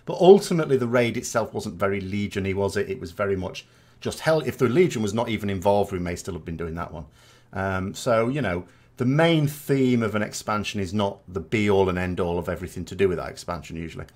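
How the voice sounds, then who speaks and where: Chatty British man with lively pitch. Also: fairly quick. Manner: chatty, rambling, with rhetorical asides and tag questions. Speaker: gaming vlogger. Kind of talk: casual chat reading viewer comments.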